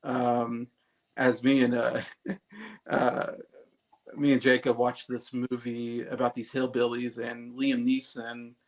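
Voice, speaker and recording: Man, gravelly mid-range voice, co-host of a casual album review; rambling, hesitant delivery. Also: medium pitch, fairly even intonation, takes it slowly. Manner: rambling, hesitant, many restarts. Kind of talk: casual chat.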